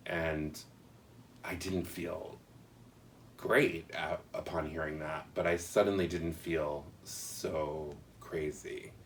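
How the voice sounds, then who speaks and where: Male interviewee, very low voice, reflective and halting, faint background hiss. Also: steady tone, recorded from a distance. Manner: earnest, halting, reflective storytelling. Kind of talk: personal account in an interview.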